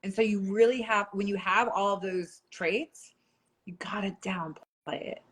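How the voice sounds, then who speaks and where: A woman's voice: mid-range voice, steady tone, normal speed, husky. A young woman, a former reality show contestant, chatting casually on a livestream, rambling with lots of fillers and laughing often. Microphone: phone.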